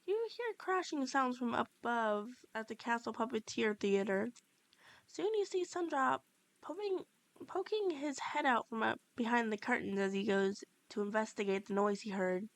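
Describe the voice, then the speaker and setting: A woman's voice: a little high, moderate pace, dry recording. A woman narrating a second-person fan-fiction story, reading steadily with small slips and restarts. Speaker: fanfiction reader.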